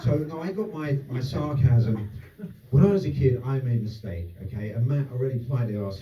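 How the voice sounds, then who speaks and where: A man's voice: mid-range voice, a little fast. A man doing a stand-up comedy set to a live audience, sarcastic and sweary with rambling asides. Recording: roomy distant dull club recording.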